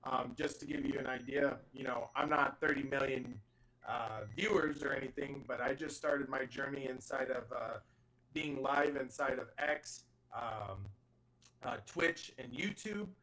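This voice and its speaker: A man's voice: medium pitch, measured pace, bright, forceful tone, rough recording. A man hosting a live online audio chat, enthusiastic and rambling with lots of fillers. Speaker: host of a live audio space.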